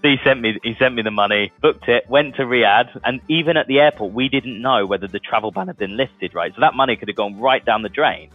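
A man's voice: medium pitch, a little fast, hardly any pauses, no echo, soft background music. A man telling his story casually in an interview, chatty and laughing as he goes. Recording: tinny phone-like sound.

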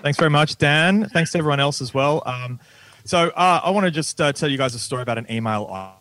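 A man's voice: on the high side, fast talker, a bit bright. A man, doing a self-mocking stand-up comedy set with a dry delivery. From Australia.

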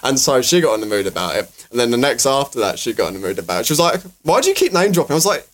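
A young man, a rapper guest telling stories in casual podcast chat, animated and full of fillers. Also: mid-range voice, racing. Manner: animated storyteller, mimics voices, many fillers.

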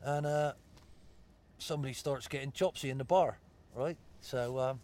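A man's voice: medium pitch, moderate pace, darkish tone. A middle-aged man with a Bristol accent, a former footballer chatting casually, blunt and anecdotal, swearing freely and calling people mate. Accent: Bristol English. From Bristol, England. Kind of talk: casual chat.

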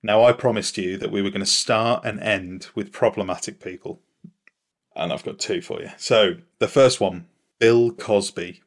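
Low voice, casual podcast talk, playful, teasing, dry. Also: male voice, fairly even intonation, moderate pace. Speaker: podcast guest running a quiz.

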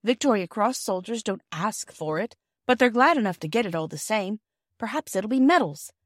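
A woman voices a blunt, cocky young boy, speaking at a normal pace in an expressive, mid-range voice close to everyday speech. The recording is clean studio sound with no room echo.

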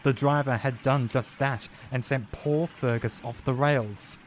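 A man reading a children's railway story in a slow, measured storytelling manner. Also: medium pitch, steady tone, a little hiss or hum. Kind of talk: scripted storybook narration. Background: music.

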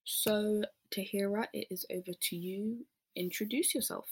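British female podcast host, chatty and playful, gravelly fry. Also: medium pitch, steady tone, moderate pace. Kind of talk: casual podcast chat.

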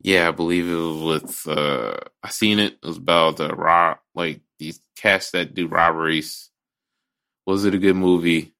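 A low-pitched man co-hosts a laid-back movie podcast, his voice bright and forceful. He rambles, restarts his sentences and swears freely as he gives his opinions. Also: steady tone, unhurried. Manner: rambling, restarts a lot, blunt and profane. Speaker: podcast co-host. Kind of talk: casual movie chat.

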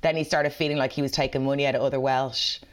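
A woman's voice: a bass voice, little pitch movement, fast. A woman co-hosting a podcast, telling gossipy stories in casual chat. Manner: chatty, gossipy storytelling. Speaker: podcast co-host.

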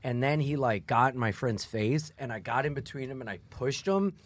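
This male comedian, a guest on a podcast, speaks at a moderate pace in a mid-range voice with no room sound. He chats casually, rambling, putting himself down, and saying "like" constantly.

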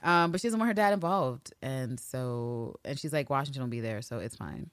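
A woman co-hosting a podcast, recapping a TV episode in casual, animated chat and acting out quotes. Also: very deep voice, fairly quick, no room sound. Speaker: podcast co-host.

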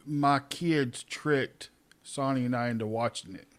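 Middle-aged guy on a podcast, talks slow and easy, chatty, laughs a lot, medium voice. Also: medium pitch. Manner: chatty storyteller, laughs often. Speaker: podcast co-host. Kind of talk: casual chat.

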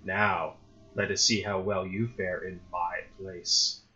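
A man voicing a calm, menacing armored young warrior who speaks quietly, slowly and mockingly. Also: low-pitched, highs cut off, faint music behind, pitched below the performer's own voice, full character voice.

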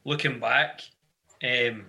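A Scottish man with a very bright, sharp-edged voice talks as a podcast guest. He tends to cut in with quick jokes. His pitch sits in the middle. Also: steady tone, vocal fry, a little hiss or hum. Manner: jokey, cuts in with quips. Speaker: band member guest. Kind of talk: live podcast interview.

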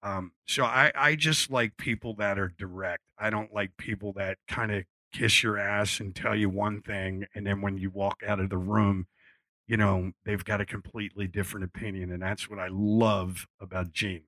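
A man's voice: fairly low pitch, steady tone, normal speed, sharp tone, dry recording. A man, a musician guest at a live event, telling casual stories to an audience in a rambling way, full of fillers and restarts, and swearing freely. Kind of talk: casual storytelling on stage.

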